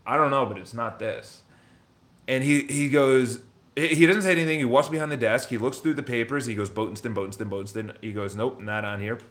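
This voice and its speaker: A man casually telling a personal story to the camera. He talks in an animated way, acts out the other people's lines, often restarts his sentences, and swears now and then. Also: medium pitch, fairly quick. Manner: animated retelling, acts out dialogue, frequent restarts. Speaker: real estate vlogger.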